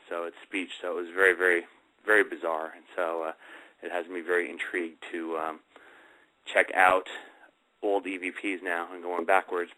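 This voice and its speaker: A man's voice: sits low, pushed and bright, low-quality recording. A man hosting a paranormal radio talk show, speaking casually with many fillers as he rambles.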